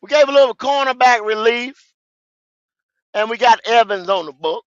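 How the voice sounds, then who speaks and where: A man, hosting a fan podcast, ranting in a profane, repetitive way with sudden shouts. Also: extremely high pitch, normal speed, no room sound, dull audio. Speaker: podcast host. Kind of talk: football fan podcast rant.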